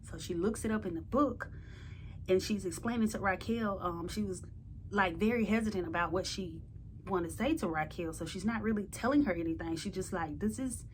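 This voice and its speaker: A woman telling a story to camera in an informal, slangy way, growing loud and emphatic when worked up. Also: mid-range voice, a little fast, a little hiss or hum. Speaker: storytime vlogger. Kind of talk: casual storytelling.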